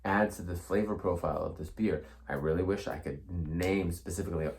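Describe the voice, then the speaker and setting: A man's voice: sits low, brisk, vocal fry, darkish tone. A man co-hosting a casual beer review, rambling and searching for words as he describes what he tastes. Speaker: co-host of a beer review show. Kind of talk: casual chat.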